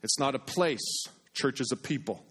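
A man preaching a sermon in an earnest way, repeating phrases for emphasis and dropping to a hush on key points. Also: medium pitch, normal speed, slightly rough. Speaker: pastor.

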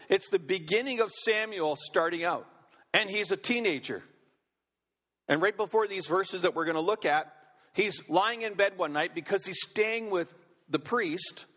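A male pastor delivers a sermon with a husky, gravelly voice, pressing his points and putting questions to the congregation. His words ring out with the long reverb of a large church hall. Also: fairly high pitch, fairly bright tone. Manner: emphatic, asks the congregation questions.

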